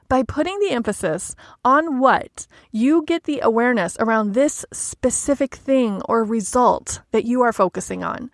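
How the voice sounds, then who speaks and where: A woman hosting a solo coaching podcast, talking in a gentle, measured, reflective way. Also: on the high side, no room sound, clean studio sound. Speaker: life coach podcast host.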